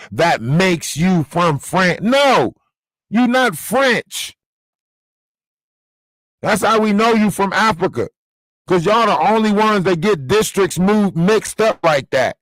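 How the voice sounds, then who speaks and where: A man's voice: a little high, a little slow, no echo, poor audio. A man delivering a profane, confrontational rant on a livestream, scolding someone directly. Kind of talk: ranting livestream monologue.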